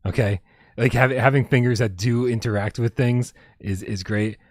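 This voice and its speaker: A man's voice: medium pitch, steady tone, moderate pace, no room sound, studio quality. A man hosting a casual gaming livestream, reading viewer comments, laughing and swearing freely and often stumbling over his words. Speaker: podcast host.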